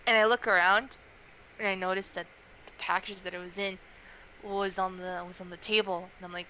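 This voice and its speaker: A young adult woman chatting casually on a podcast, telling a story in a chatty, animated way with many fillers. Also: medium pitch, fairly quick, a little hiss or hum, rough recording.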